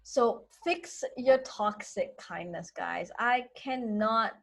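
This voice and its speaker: A woman's voice: a little high, takes it slowly, gravelly, a bit bright. A young woman speaking straight to camera as a self-help coach, earnest and explanatory, acting out example phrases as she goes. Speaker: social anxiety coach. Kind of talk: direct-to-camera advice talk.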